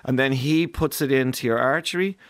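An Irish man talking as a guest on a chat show, telling a story with lots of energy and jumping into quick voices for the people in it. His voice sits at an ordinary middle pitch, recorded dry and close with no room around it. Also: no echo. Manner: animated storyteller, acts out doctors' lines in quick put-on voices. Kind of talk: casual chat.

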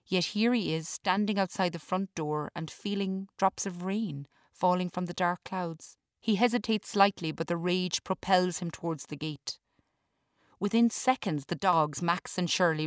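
Low, even woman reading a story. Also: no echo, clean studio sound. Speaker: author reading her story. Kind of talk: scripted storytelling narration.

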